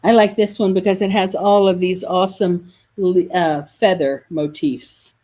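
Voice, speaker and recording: A woman's voice: lowish voice, fairly even intonation, a little slow, mellow. A woman hosting a live sales video for quilt kits, chatty and enthusiastic, often correcting herself mid-sentence. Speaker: shop host selling quilt kits.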